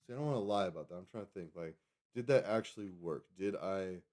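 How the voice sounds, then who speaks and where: Male streamer, 30s, low mellow voice, chatty and digressive, self-correcting, desk mic. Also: quick pace. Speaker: live streamer. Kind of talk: rambling casual stream chat.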